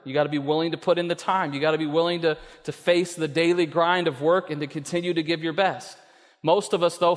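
A middle-aged male pastor preaching a sermon, telling a story and then pressing his point with loud emphasis. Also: a little high. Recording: long reverb of a large hall.

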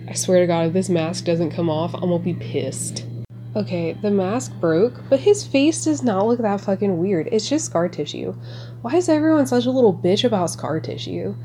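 A woman talking casually as a podcast host, reacting excitedly and sarcastically to a movie with lots of swearing. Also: mid-range voice, moderate pace, a little hiss or hum.

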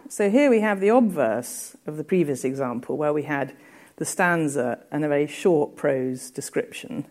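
A woman lecturing on poetry in a low, mellow voice. She explains at a measured pace, with the odd hesitation, and reads verse aloud with care. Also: lively intonation. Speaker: literature lecturer. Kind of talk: academic lecture.

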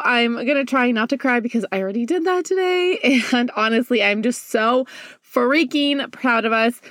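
A woman's voice: a little high, moderate pace, fairly bright tone, no room sound, studio quality. A woman in her twenties hosting her own podcast, talking casually and effusively from a closet at home. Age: 20s. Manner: effusive, upbeat, heartfelt. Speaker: podcast host. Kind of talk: casual solo podcast talk.

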